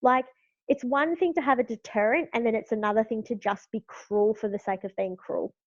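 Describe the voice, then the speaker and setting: Speaking briskly in a higher voice, a young Australian woman guests on a podcast, chatting candidly about politics and using lots of fillers. The recording is dry, with the high frequencies cut off.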